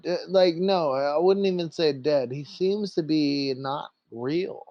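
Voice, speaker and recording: A man's voice: fairly high pitch, slow, no echo, lo-fi sound. A man narrating as game master of a tabletop game, loose and full of fillers. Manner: loose, filler-heavy, laughing easily.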